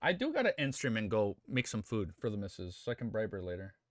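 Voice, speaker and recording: A man's voice: on the low side, huge pitch swings, fast talker, dry recording, studio quality. A young adult man live-streaming, chatting casually, rambling and swearing as he reads chat aloud.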